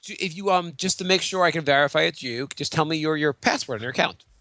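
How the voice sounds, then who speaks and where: A man playing a male radio company phone service rep, speaking in a polite, halting customer-service patter. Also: fairly high pitch, bright, forceful tone, dry recording. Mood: mock polite.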